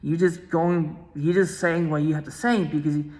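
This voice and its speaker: A woman's voice: deep voice, steady tone, moderate pace, a little mellow, long reverb tail, low-quality recording. A woman vlogger talking casually to the camera, repeating herself and restarting phrases, insistent and aggrieved.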